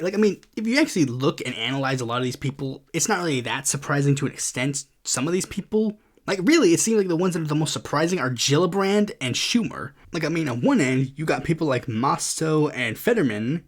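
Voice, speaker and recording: Young male podcast host, profane sarcastic ranter, higher-than-usual voice with very lively swings. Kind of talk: casual political commentary.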